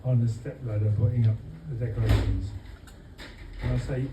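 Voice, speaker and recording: A man from London giving a humorous birthday speech for his wife to friends at a restaurant, with dry comic timing and many pauses. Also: mid-range voice, background noise. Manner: deadpan comic timing, halting with fillers. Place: restaurant dining room with guests. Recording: echoey room, voice from far off. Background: guests laughing.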